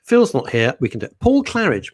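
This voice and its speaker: A man's voice: mid-range voice, huge pitch swings, moderate pace, dry recording. A middle-aged man, hosting live talk radio and reading out listener comments in a playful, teasing way. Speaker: radio show host.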